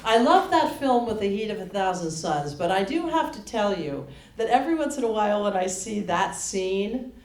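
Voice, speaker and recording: A woman cabaret singer chatting with the audience between songs in a public library performance space, telling an animated story with wry questions to the crowd. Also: mid-range voice, normal speed, distant mic, slight background noise. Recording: echoey room, loud piano. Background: piano accompaniment.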